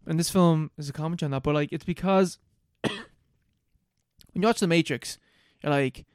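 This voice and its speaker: Loose, foul-mouthed podcast host, bright and clear. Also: male voice, on the high side, normal speed, no room sound, clean studio sound. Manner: loose, profane, animated plot recap. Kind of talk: casual chat.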